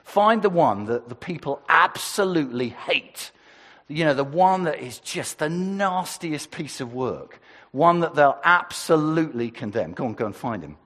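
A man voicing an exasperated Roman governor, coaxing and theatrical, with a husky voice. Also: medium pitch, wildly swooping pitch, unhurried, long reverb tail, full character voice. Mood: scheming. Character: exasperated Roman governor, pleading then scheming.

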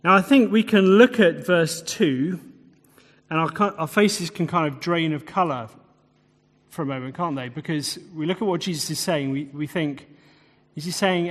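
A preacher gives an expository sermon at a moderate pace, his voice sitting a little high for a man. He uses repetition for emphasis, and a long hall reverb trails after each phrase.

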